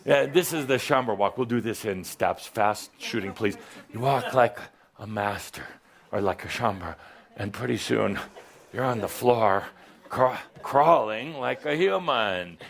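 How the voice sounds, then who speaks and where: A man's voice: mid-range voice, measured pace, gravelly. A man giving a playful, theatrical spiritual talk to a live audience, joking and full of asides.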